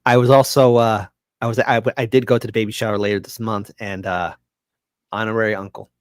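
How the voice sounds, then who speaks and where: A man, a guest on a talk show, telling an emotional personal story in an earnest, halting way with many restarts. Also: lowish voice, flat delivery, smooth, no room sound, studio quality.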